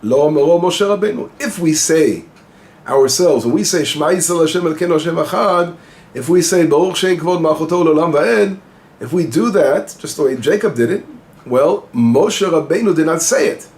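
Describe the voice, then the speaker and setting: A man's voice: a little high, normal speed, darkish tone. A male rabbi giving an informal Torah lesson, explaining Hebrew phrases and translating them as he goes, asking questions and answering them himself. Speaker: rabbi teaching the weekly Torah portion.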